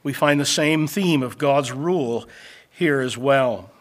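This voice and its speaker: A man preaching a sermon that teaches through scripture, swinging between loud, emphatic lines and quiet, low asides, and slowing down to stress key phrases.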